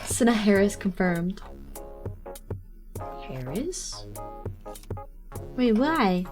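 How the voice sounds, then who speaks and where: A woman's voice: mid-range voice, moderate pace, over music. A young woman streamer chatting casually while she draws, rambling and teasing, laughing often. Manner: teasing, snarky.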